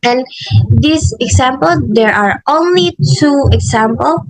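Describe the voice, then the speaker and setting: A woman's voice: high-pitched, animated, dry recording, poor audio. A young woman with an Indonesian accent presenting a linguistics assignment, reading carefully and correcting herself as she goes. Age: young adult. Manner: slow, careful, with self-corrections and restarts. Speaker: student presenter.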